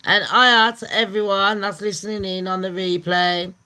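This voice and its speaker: A woman's voice: medium pitch, level tone, moderate pace, sharp tone, smooth. Profane, blunt woman ranting. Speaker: channel host. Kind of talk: casual ranting commentary.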